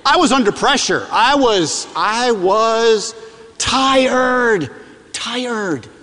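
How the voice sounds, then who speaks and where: A middle-aged man preaching a sermon, telling stories with animated delivery and repeating lines for emphasis. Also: high voice, takes it slowly. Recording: long hall reverb.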